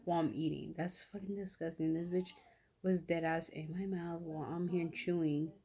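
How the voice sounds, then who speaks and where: A woman's voice: lowish voice, normal speed, breathy edge. A young woman vlogger telling a story casually while eating, chatty and slangy, full of "like" and quoted reactions. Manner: chatty, slangy, animated retelling with lots of "like".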